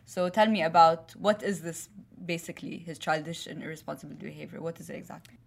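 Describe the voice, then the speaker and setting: A woman's voice: deep voice, fast talker, gravelly. A woman interviewing someone about a relationship problem, rephrasing her questions as she probes. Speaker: counselor or interviewer. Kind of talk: casual interview.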